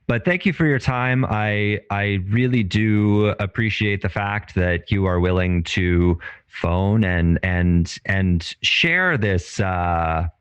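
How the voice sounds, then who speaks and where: A man's voice: on the low side, takes it slowly, smooth, dry recording, muffled recording. A man playing a dry, drawling radio DJ. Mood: wry. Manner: drawling, dry, hesitant with many uhs. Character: weary male late-night radio DJ. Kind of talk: improvised radio call-in comedy.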